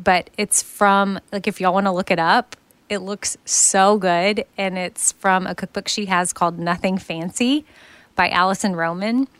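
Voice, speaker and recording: A woman's voice: medium pitch, a bit bright, smooth, dry recording. A woman in her thirties hosting a podcast, chatting casually and laughing often. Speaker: podcast host. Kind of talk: casual chat.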